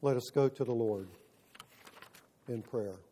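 A man preaching a sermon, telling a story in an earnest, measured way with pauses. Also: mid-range voice, mellow, slightly rough.

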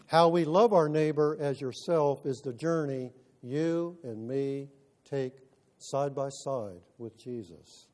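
A man preaching a sermon, telling a story in an earnest, measured way with pauses. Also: mid-range voice, a little mellow.

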